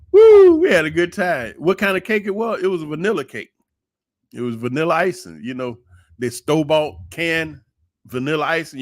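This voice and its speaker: A man's voice: mid-range voice, no echo, clean studio sound. A man, telling nostalgic stories about his childhood in a casual, folksy way and laughing often. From Atlanta, Georgia. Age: 60s. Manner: folksy and nostalgic, laughs often, drifts soft and slow when moved. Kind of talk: casual reminiscing storytelling. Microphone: streaming setup mic.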